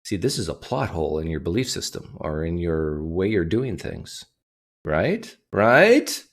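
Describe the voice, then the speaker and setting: A man's voice: low voice, lively intonation, normal speed, a little mellow. A man hosting a livestream, talking casually and reading donation messages aloud. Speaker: livestream host.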